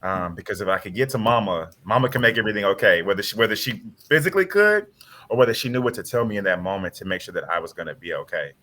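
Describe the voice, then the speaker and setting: A man with a low voice tells a personal story on a video-call panel. His tone is bright and forceful. He speaks earnestly and with feeling, often acting out what others said. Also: lively intonation, fast talker. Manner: earnest, heartfelt retelling with quoted dialogue.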